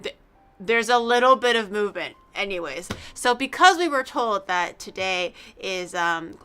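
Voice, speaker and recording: Excitable woman streamer ranting casually, tense bright tone, soft music in the back. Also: mid-range voice, moderate pace, clean tone. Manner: rambling, excitable, swears freely. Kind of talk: casual livestream chat.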